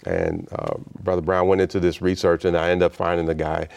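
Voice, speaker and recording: A man's voice: low voice, big pitch swings, brisk, vocal fry, darkish tone. A middle-aged man from Chicago, a guest in an interview, tells a personal story with animation and acts out the voices of the people in it. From Chicago, United States. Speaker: interview guest, state official.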